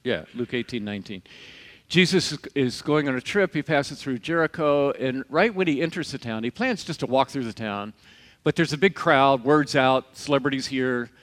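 A man's voice: mid-range voice, lively intonation, normal speed, fairly bright tone. A man preaching a conversational sermon, telling stories and acting out the quoted voices. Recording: long reverb of a large hall.

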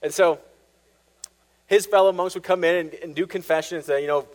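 A man preaching a sermon, animated, acting out quoted voices as he teaches. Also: fairly high pitch, a little fast, poor audio.

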